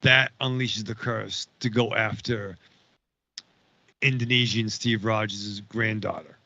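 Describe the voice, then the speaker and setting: Man, gravelly and bright, sarcastic and crude in casual chat, slightly dull remote audio. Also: lowish voice, fairly even intonation, slow pace. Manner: sarcastic, profane banter. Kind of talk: casual movie discussion.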